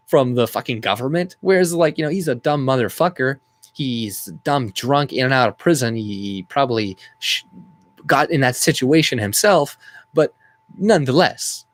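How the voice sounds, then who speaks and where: A man's voice: medium pitch, no room sound. Angry, profane man ranting. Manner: profane, rambling, heated. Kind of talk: angry political rant vlog.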